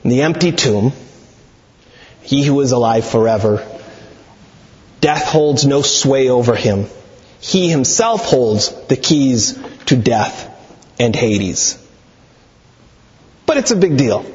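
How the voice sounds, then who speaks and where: A man preaching a sermon, teaching deliberately, quoting scripture and slowing down on key words. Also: medium pitch. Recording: echoey hall, dull sound.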